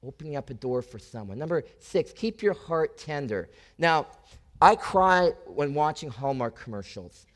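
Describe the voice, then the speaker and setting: A male pastor preaching a lively, conversational sermon to his congregation, often asking them questions. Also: fairly high pitch, moderate pace. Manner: animated, conversational, talks to the congregation with repeated questions.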